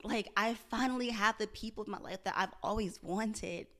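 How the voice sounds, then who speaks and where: Young woman, confessional vlog, earnest, self-searching, repeats herself, mid-pitched. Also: moderate pace, fairly bright tone. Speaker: vlogger.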